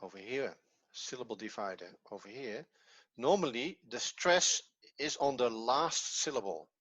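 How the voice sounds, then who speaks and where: A man's voice: medium pitch, lively intonation, measured pace, fairly bright tone, husky. A man with a Dutch accent, his first language Dutch, teaching an online language lesson patiently and step by step with repetition. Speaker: Hebrew teacher.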